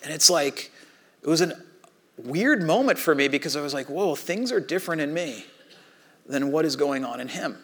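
Middle-aged pastor, sermon delivery, casual storyteller who acts out dialogue, slightly raised male pitch. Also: expressive, normal speed, fairly bright tone, slightly rough.

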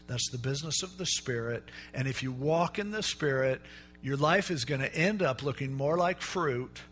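A middle-aged male pastor preaching a sermon in a relaxed, conversational way, telling stories and acting out the people in them. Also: mid-range voice. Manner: conversational storytelling preacher, acts out quoted voices.

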